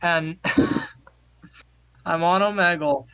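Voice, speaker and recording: A man in his twenties co-hosting a podcast, telling a story in an animated, giggly way, stammering as he goes. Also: fairly high pitch, extremely slow, smooth, low-quality recording. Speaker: podcast co-host. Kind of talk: casual chat, storytelling.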